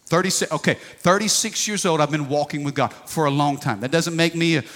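A man's voice: on the high side, a little fast, a bit bright. A pastor in his forties preaching a sermon, folksy and emphatic, calling for responses from the congregation. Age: 40s. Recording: long reverb of a large hall.

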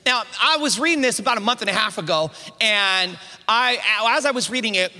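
A man preaching a sermon to a congregation, energetic, with call-and-response prompts and frequent restarts. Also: sits high, fairly quick. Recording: reverberant hall sound.

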